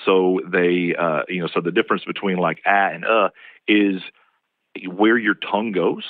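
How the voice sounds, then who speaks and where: A Southern American man with a very low voice, speaking as a professor guest in an interview. He explains patiently in a lecturing way and often restarts his phrases. His voice comes through a tinny, phone-like line with a dry sound. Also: steady tone, moderate pace, no room sound. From East Tennessee.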